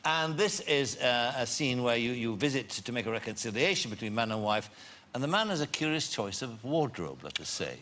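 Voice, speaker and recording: A male talk show host who introduces clips and prompts his guest with brisk questions. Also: medium pitch, sing-song, noisy background. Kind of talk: chat show interviewing.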